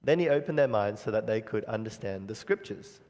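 A man's voice: lowish voice, expressive, darkish tone. Earnest male preacher in a reverberant hall. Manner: earnest, measured preaching with frequent pauses and restarts. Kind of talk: sermon.

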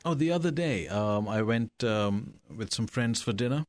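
A man hosting a talk show, asking questions and trading stories in a relaxed, conversational way. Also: lowish voice, moderate pace, dry recording, clean studio sound. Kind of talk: casual interview chat.

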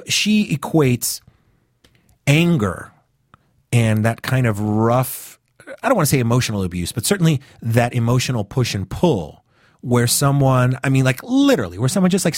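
A man's voice: medium pitch, no echo, studio quality. A man from the northeastern United States hosting a podcast, talking casually and rambling with lots of fillers and restarts. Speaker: podcast host.

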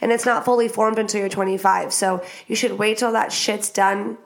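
A woman's voice: mid-range voice, fairly even intonation, normal speed, gravelly. A woman hosting a casual podcast interview, chatty and dramatic in her reactions, swearing freely. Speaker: podcast host.

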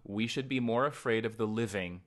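A man co-hosting a podcast, casually retelling a horror film's plot in an animated way and quoting its characters. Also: moderate pace. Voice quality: deep breather. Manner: animated retelling with quoted voices. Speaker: podcast co-host. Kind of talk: casual chat recapping a film.

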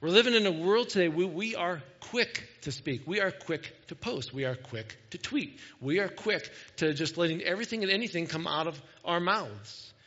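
A man's voice: sits high, animated, normal speed, hardly any pauses, fairly bright tone. A middle-aged man preaching a sermon as pastor in a church, talking in a conversational, folksy way with frequent restarts. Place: church sanctuary. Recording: dull sound with long reverb in a large room.

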